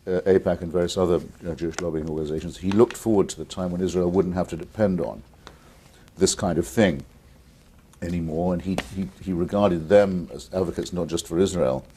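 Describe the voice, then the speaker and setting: With slight background noise, an English-accented man in his fifties from England speaks a little fast in a deep, mellow, steady voice. As an interview guest handling viewer calls, he is articulate and combative, frequently restarting.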